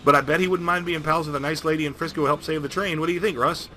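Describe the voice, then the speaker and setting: A man narrating a video game playthrough in a jokey, rambling, animated way. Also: on the high side, rapid-fire, slight background noise. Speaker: game streamer. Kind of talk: comedic let's-play narration.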